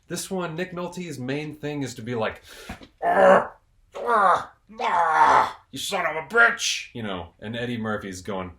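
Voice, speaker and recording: A man hosting a casual, jokey video review, rambling and restarting his sentences. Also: on the low side. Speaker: video host and film reviewer.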